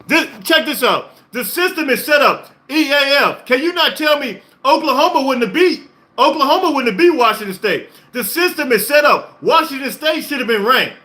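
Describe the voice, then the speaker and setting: An excited man hosting a sports reaction stream, talking emphatically, repeating himself and laughing often. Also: very high-pitched, normal speed. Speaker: podcast host. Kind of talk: live-stream sports reaction, reading chat.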